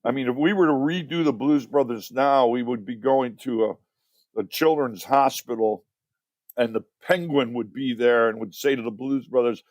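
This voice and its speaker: A man in his sixties from Chicago, a podcast guest telling rambling, animated stories. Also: medium pitch, moderate pace, no room sound, studio quality. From Chicago, USA. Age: 60s. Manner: animated, rambling, repeats words. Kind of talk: casual storytelling interview. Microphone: podcast mic.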